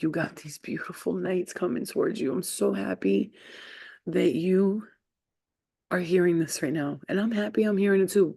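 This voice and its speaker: A woman talks straight to her viewers in a casual energy reading. She is chatty and reassuring, her speech full of "like" and "you know." Her voice is warm and relaxed with a gravelly edge, recorded dry and close. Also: low-pitched, no room sound. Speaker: energy reader.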